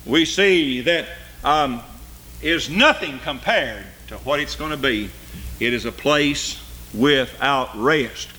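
An older man preaching a sermon, swinging between loud high cries and low, quiet asides.

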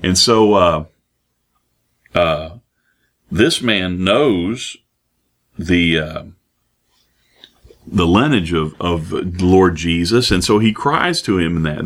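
A man preaching a sermon, reading scripture and explaining it with many pauses, fillers and restarts. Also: low voice, lively intonation, fairly bright tone. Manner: halting, many fillers and restarts, acts out quoted voices.

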